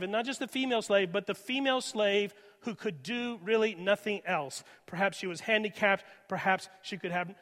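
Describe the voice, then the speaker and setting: A male pastor preaching a sermon with dynamic delivery, moving from loud emphasis to hushed near-whispers. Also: sits high. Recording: reverberant hall.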